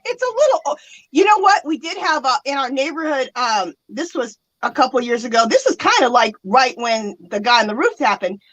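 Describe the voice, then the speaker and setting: A high-pitched woman tells a story in a casual online chat. Her voice jumps all over as she acts out her own reactions. She talks in a lively, chatty way. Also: fairly quick, dry recording, low-quality recording. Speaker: host.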